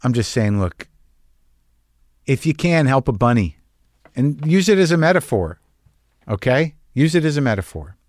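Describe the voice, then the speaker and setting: A man hosts his podcast with a rambling comedic monologue, wry and quick to poke fun at himself. His voice sits at a middling pitch for a man. The sound is dry and close, with no room around it. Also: sing-song, dry recording. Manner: rambling, wry and self-deprecating. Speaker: podcast host.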